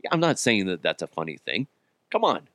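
A man's voice: low voice, very animated, fairly quick, fairly bright tone, no echo. A man hosting a casual solo podcast, rambling and joking at his own expense, swearing freely and laughing often while he's a bit sick. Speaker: podcast host.

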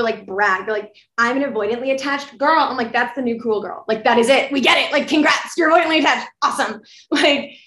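A woman's voice: mid-range voice, a bit bright. Podcast co-host, woman in her 20s, rambly and self-apologizing, echoey home room. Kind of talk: casual chat. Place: apartment bedroom, from the US.

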